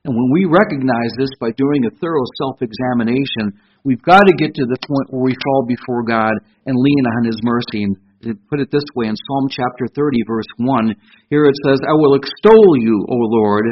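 An older man preaching a sermon who turns loud and fervent when he reads scripture. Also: medium pitch, normal speed. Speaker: pastor. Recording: dull lo-fi recording with faint hiss.

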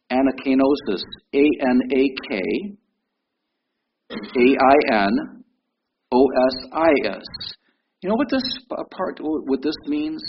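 A man in his fifties preaching a sermon in a conversational way, often repeating words and asking his listeners questions. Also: mid-range voice. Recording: dull lo-fi recording with faint noise.

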